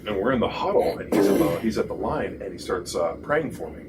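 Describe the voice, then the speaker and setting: Fast-talking man, low voice, profane animated storyteller, ex-lineman podcast host, distant mic in a noisy room. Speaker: podcast host, former pro football lineman. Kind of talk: casual storytelling chat.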